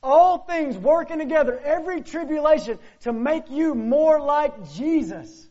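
A pastor preaching a sermon, firing off rhetorical questions and swinging between loud, urgent lines and hushed ones. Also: male voice, extremely high pitch, animated, measured pace. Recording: muffled lo-fi sermon recording.

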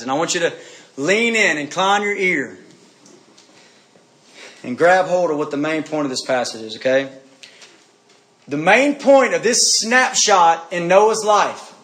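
Male preacher, high voice, lively and insistent, repeats points, asks listeners questions. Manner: animated, repetitive preaching with direct questions to listeners. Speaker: pastor. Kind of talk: sermon.

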